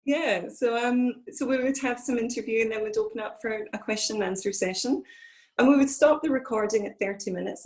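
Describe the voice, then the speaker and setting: A woman's voice: medium pitch, darkish tone, low-quality recording. A woman with a Scottish accent, a guest in a conversational interview, speaking earnestly and reflectively over a video call.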